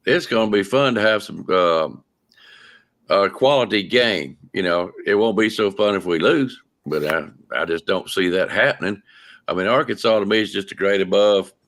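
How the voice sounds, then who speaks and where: Deep, bright-toned host. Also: male voice. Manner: easygoing, colloquial. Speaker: podcast host. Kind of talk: casual podcast chat.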